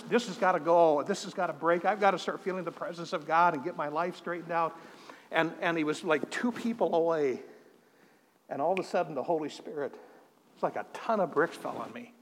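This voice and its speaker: A man with a fairly high voice preaches earnestly, stumbling into his phrases with repeated words. His sermon rings out with a long reverb around it. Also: fairly quick, fairly bright tone. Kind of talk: sermon with personal testimony.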